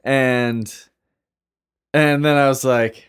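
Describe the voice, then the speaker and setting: A man's voice: medium pitch, animated, normal speed. A man in casual chat, telling a rambling, self-deprecating story with a lot of filler.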